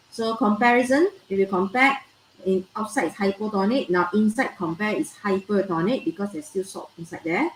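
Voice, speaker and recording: A woman with a Malaysian English accent lectures on biology, repeating her points and checking in with "okay?" and "all right?". Her voice is recorded in a roomy, echoey space with a faint noise beneath it. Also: mid-range voice. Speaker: biology teacher. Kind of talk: recorded online class lecture.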